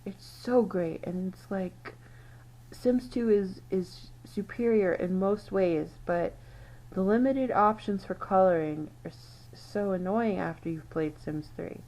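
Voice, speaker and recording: A woman's voice: medium pitch, unhurried, darkish tone, poor audio. A woman host giving casual, musing commentary on old game screenshots, often trailing off and correcting herself. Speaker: channel host.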